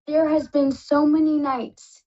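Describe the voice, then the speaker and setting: A woman's voice: high voice, little pitch movement, unhurried, dark tone, lo-fi sound. A woman hosting a live call-in psychic reading show, effusive and tearful, calling callers "love".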